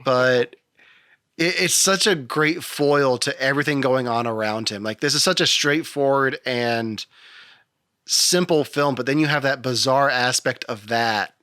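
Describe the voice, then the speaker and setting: A man's voice: mid-range voice, unhurried, pushed and bright, clear, resonant tone, dry recording, clean studio sound. A man co-hosting a podcast in casual chat, steering the talk with questions to his co-hosts. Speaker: podcast co-host.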